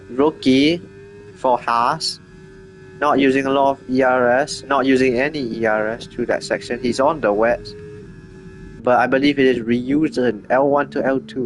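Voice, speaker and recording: A man's voice: mid-range voice, slight background noise. Chatty man commentating a sim race. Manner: quick, chatty, corrects himself often. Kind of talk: live sim racing commentary.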